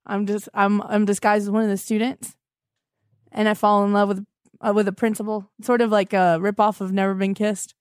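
A woman's voice: medium pitch, little pitch movement, brisk, clean tone, no echo, studio quality. A woman in her twenties hosting a comedy podcast, blunt and erratic, oversharing in improvised calls. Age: 20s. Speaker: podcast host.

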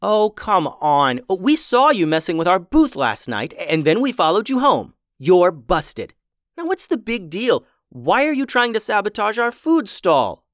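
A woman's voice: sits low, sing-song, normal speed, no echo, clean studio sound. A man voicing a determined young woman chef who talks earnestly but gets fed up and bossy. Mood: confronting.

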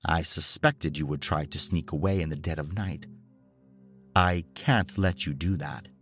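A man voicing a cold, controlled military officer who speaks slowly and with clipped menace. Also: rumbling low, a bit bright, faint music behind, heavily acted. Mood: cold threat.

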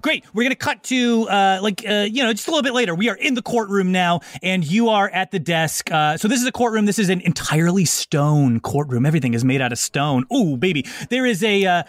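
A man runs a comedy tabletop game as game master, with a voice that sits on the high side. He rambles loosely and stumbles through fillers and restarts. The recording is dry and close. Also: expressive, brisk, hardly any pauses, dry recording.

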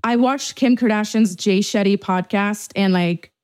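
Young woman in animated podcast chat. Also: a little slow. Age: young adult. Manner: animated, swearing, acts out quotes in a higher voice. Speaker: podcast co-host. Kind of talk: casual chat.

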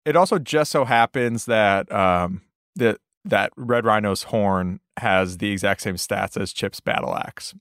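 A man's voice: lowish voice, a little slow, a bit bright, dry recording, studio quality. A man playing in a tabletop game, joking and hesitant, with many fillers. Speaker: player. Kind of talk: casual game chat.

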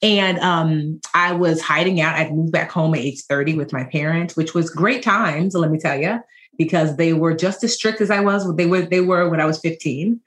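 A woman in her forties, a financial educator and podcast guest, telling stories in a lively, joking way. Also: low voice, moderate pace. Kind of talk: conversational podcast interview.

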